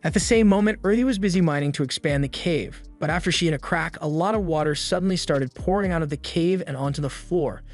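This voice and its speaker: Man, scripted recap narration, slightly high voice, steady storytelling, soft music underneath. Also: fast talker, few pauses. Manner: steady, matter-of-fact storytelling.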